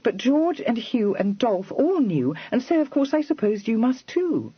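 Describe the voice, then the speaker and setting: A man voicing a spirited, quick-tempered young Regency heiress in an audiobook, talking in an impatient, exclaiming rush. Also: extremely high pitch, big pitch swings, husky, no room sound, highs cut off, voice pushed up, exaggerated voice. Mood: urgent.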